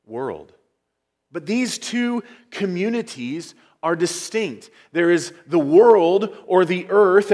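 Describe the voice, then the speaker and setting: A middle-aged man preaching a sermon as pastor, earnest, rising on emphatic points and dropping low at the ends of phrases. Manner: earnest preaching with emphatic rises and hushed endings.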